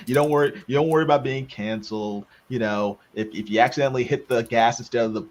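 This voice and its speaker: A man's voice: mid-range voice, fast. A man chats casually over a call, riffing on a joke and repeating his words as he goes. His talk is loose and he laughs along often. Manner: joking, repeats himself, trails off. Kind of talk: casual chat.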